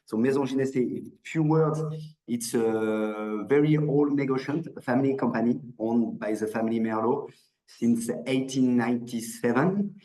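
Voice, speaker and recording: A man's voice: mid-range voice, normal speed, dark tone, reverberant, poor audio. A man with a French accent giving an online wine presentation, hesitant, with many restarts and fillers. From France. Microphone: video call.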